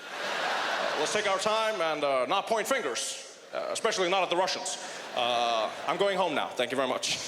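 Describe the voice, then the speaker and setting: A man doing an impression of a male president who speaks haltingly with many pauses, on a live stage. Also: a little high, expressive, background noise, close to an everyday voice. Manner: halting, full of uh pauses, measured. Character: hesitant male president, grave then backpedaling. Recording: stage hall reverb, faint ambience.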